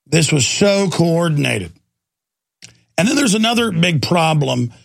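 A man's voice: a little high, big pitch swings, unhurried, creaky, no echo. A man hosting a talk radio show, ranting in an impassioned, sarcastic monologue from a studio.

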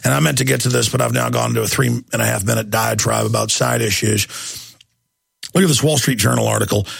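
An intense male radio host rants in a combative monologue. His gravelly voice has a heavy rasp and a husky, rough edge. The sound is dry and close, with no room echo. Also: medium pitch, fairly even intonation, quick pace, a bit bright. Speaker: radio talk show host.

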